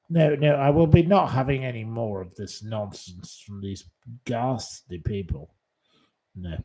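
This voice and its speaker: In a mellow, mid-range voice and an unhurried pace, a live stream host scolds commenters with indignation. He keeps firing off the same short, blunt, profane dismissals.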